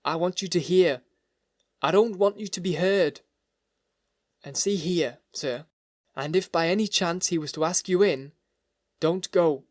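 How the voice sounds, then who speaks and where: A frightened old butler with a harsh, broken voice, pitched a little high and pressing with urgency, as a male narrator puts him on. The voice is recorded dry and close for a storybook audiobook. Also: a little slow, long pauses, no room sound. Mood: urgent, fearful. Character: frightened loyal male butler, older, nerves jangled.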